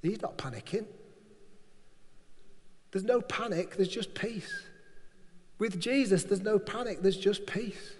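Male preacher, high-pitched, repeats key lines for emphasis, reverberant hall sound. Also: slow, long pauses. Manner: emphatic, repetitive preaching with acted-out quotes. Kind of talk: sermon.

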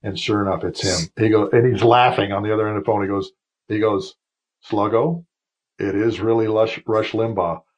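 Low, husky-voiced retired officer telling stories. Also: male voice, steady tone, moderate pace, low-quality recording. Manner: rambling, emotional anecdotes with many restarts. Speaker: podcast guest, retired Air Force officer. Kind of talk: storytelling in a casual interview.

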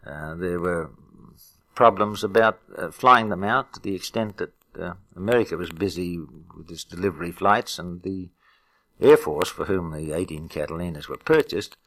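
An older man with a very deep voice tells his memories at an unhurried pace. He stops often with "uh" and "um" as he searches his memory. It sounds like an archival oral history interview. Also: a bit bright. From Australia. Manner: halting, many "uh" fillers, reminiscing. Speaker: retired airline pilot, interviewee.

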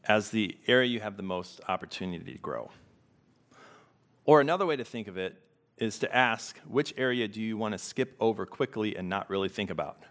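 A man preaching a sermon as pastor, reflective and unhurried, pausing to let questions sink in. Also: on the low side, a bit bright.

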